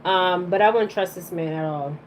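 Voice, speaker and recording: A woman's voice: on the low side, moderate pace, slight background noise, low-quality recording. A woman giving a live-streamed oracle card reading to her viewers. She rambles bluntly in casual slang and keeps checking in with "okay?".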